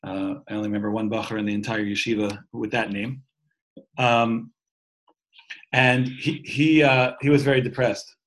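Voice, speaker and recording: A man's voice: on the low side, fairly even intonation, normal speed, fairly bright tone, poor audio. A man around forty leading a call-in class, giving an informal spiritual lecture. He talks conversationally, thinking aloud with restarts and fillers, and tells stories along the way. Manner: explains terms letter by letter, storytelling asides.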